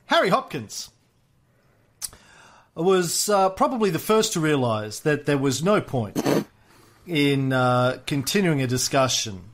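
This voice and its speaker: Male podcast co-host, high and animated voice, jokey storyteller. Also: slow, pauses often. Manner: jokey storytelling with frequent "uh" fillers. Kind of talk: casual chat.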